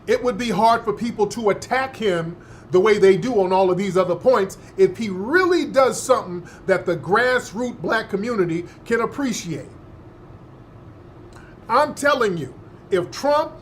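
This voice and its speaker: A man's voice: high-pitched, slight background noise. A male host giving opinionated political commentary in an emphatic, slangy, scoffing manner.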